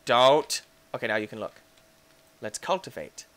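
A man narrating his own gameplay as a mod reviewer, with a bright voice that swings all over the place. He chats to the game's objects, mutters to himself, then bursts into sudden jokey shouts. The tone is excitable and playful throughout. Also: medium pitch, normal speed. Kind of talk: excitable let's-play commentary.

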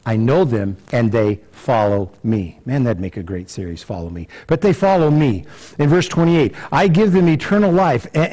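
A man's voice: fairly high pitch, a little mellow. Man preaching with many fillers. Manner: conversational, many fillers and repeated words. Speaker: pastor. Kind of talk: sermon. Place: church.

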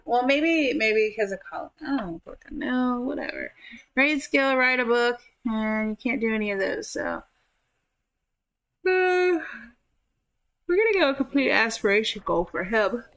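A woman's voice: a little high, lively intonation, unhurried, pauses often, a bit bright. A woman giving casual gameplay commentary, chatting to her characters and swearing offhandedly. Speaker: gameplay streamer.

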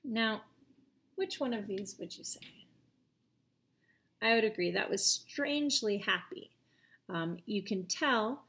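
Woman, teacher, video lesson for children, gentle, patient, asks the kids questions. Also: mid-range voice, expressive, slow pace, pauses often.

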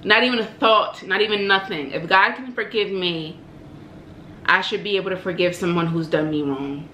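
A woman's voice: on the low side, normal speed, sharp tone, roomy sound, slight background noise, rough recording. A woman vlogger speaking straight to her viewers with heartfelt encouragement, repeating phrases for emphasis and calling them baby and honey. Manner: impassioned and repetitive, preacherly, calls listeners baby and honey. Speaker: mukbang vlogger. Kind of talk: heartfelt direct-to-camera encouragement.

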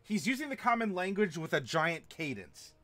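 A man running a tabletop game stream, casually teaching how to build villains, chatty and quick to laugh. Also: high voice, big pitch swings, fairly bright tone. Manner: chatty, laughs often, many fillers and restarts. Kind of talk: casual instructional talk to a live chat.

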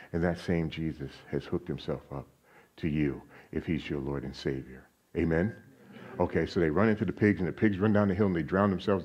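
A man preaching a sermon as a guest speaker in a church, animated, asking the congregation questions and raising his voice on quoted lines. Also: deep voice, breathy edge. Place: church sanctuary.

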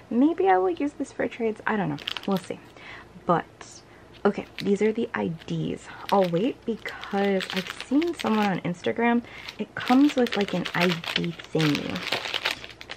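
A young woman chatting casually as she unboxes merchandise, gushing with breathy exclamations that often drop to a whisper. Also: medium pitch, darkish tone, slight background noise. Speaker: unboxing vlogger.

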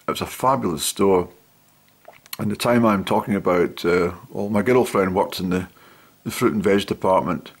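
Rambling man with a low voice. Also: breathy edge. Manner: rambling, full of pauses and fillers. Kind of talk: casual storytelling to camera. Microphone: camera.

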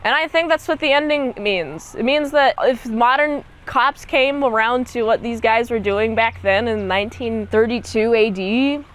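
A woman's voice: fairly high pitch, moderate pace, few pauses, smooth. A young woman giving a casual movie recap and review, chatty and slangy, peppered with "like" and "dude".

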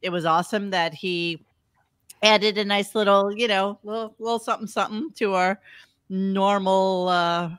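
A podcast host chatting casually, rambling and halting with fillers and restarts. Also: medium pitch, fairly bright tone, smooth, dry recording, clean studio sound. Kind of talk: casual chat.

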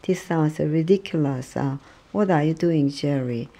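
A woman reading short practice sentences and dialogues aloud, halting and restarting when she trips over words. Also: deep voice, warm tone. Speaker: reader.

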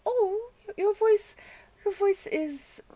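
A woman streaming a video game from home, groggy after a headache, chatting calmly with viewers and fussing at her dog. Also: very high voice, slow pace. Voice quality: calm, soothing voice. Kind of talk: casual live-stream gameplay chat.

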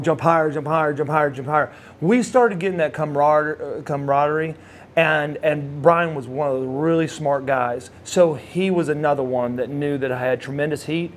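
In this casual shoot interview, a former wrestler in his forties tells stories with animated flair, imitating the people he quotes. His voice is a little high, his pace moderate, and slight background noise can be heard.

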